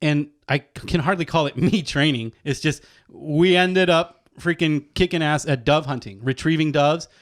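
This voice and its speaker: Animated, cursing storyteller man. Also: on the high side, moderate pace, few pauses. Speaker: podcast guest, fishing guide. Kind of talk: casual chat.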